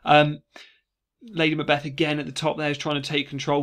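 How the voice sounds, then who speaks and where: A man, a teacher giving a casual revision lesson and reading quoted lines with lively emphasis. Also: fairly high pitch, fairly quick, gravelly. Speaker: English teacher.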